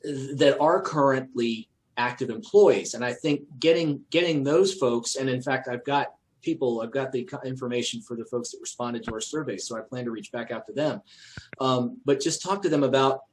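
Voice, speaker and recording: A man's voice: medium pitch, moderate pace, a little hiss or hum, poor audio. Hesitant man answering questions on a call. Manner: hesitant, many restarts and fillers. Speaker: presenter at an association meeting. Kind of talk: conversational Q&A on a call.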